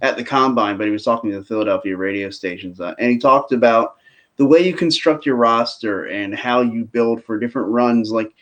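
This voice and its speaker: A man co-hosting a casual sports talk show, relaxed, telling stories and steering to the next topic. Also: mid-range voice, brisk, highs cut off. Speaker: sports podcast co-host. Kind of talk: casual chat.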